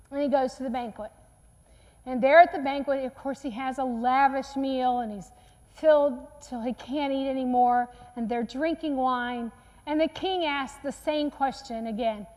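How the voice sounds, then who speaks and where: Woman preacher, high voice, earnest storyteller, church sermon with long reverb. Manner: earnest storytelling, acts out quotes softly. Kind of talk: sermon retelling a Bible story. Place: church sanctuary.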